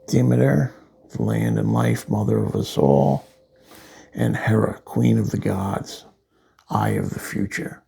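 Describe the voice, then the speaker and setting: A man's voice: low voice, big pitch swings, measured pace, creaky, warm tone, husky. A man reviewing a comic book in a loose, rambling way, full of fillers and restarts. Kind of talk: casual comic walkthrough.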